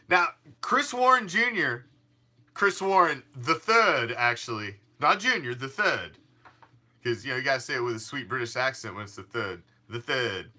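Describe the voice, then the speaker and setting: A man's voice: fairly high pitch, bright, forceful tone. A man hosting a fan sports show, talking casually in a rambling, emphatic way with frequent restarts and some swearing. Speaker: fan podcast host.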